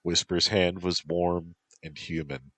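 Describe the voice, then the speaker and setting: A man reading a story aloud as narrator in a slow, deadpan way. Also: sits low, no echo.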